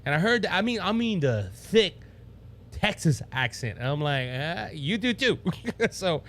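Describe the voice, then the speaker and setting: A man's voice: on the high side, sing-song, a little slow, fairly bright tone. A man from Louisiana with a Cajun accent hosting a casual political talk show, rambling and restarting his sentences as he talks. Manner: rambling, stumbles over words and restarts, laughs at himself. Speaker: podcast host.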